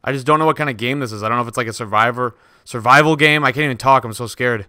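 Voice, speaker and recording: A man's voice: medium pitch, racing, pushed and bright, no echo, clean studio sound. A man giving jittery, swearing commentary to himself as he plays a horror game. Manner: jittery, swearing, talks to himself while playing. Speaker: let's play gamer.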